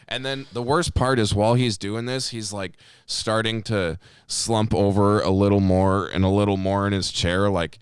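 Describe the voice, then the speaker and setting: A man with a fairly low-pitched voice, speaking at a normal speed, tells a story on the podcast he co-hosts. He's an animated, foul-mouthed storyteller who acts out quotes, and the recording is dry with a clean tone.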